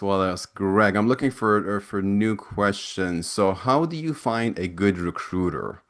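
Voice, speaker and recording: A man's voice: lowish voice, expressive, normal speed, few pauses. A man, an ex-recruiter, hosting a webinar Q&A over a video call and reading audience questions aloud, loose and chatty with many restarts. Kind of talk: casual Q&A from chat.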